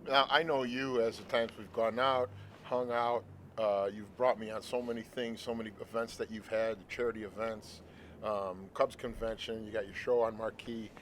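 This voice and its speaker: A man's voice: on the low side, level tone, moderate pace, a bit bright, a little hiss or hum. A man in his forties hosting an interview, talking in an earnest, rambling way with many restarts. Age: 40s. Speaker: host. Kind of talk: casual interview chat. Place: outdoors at a ballpark.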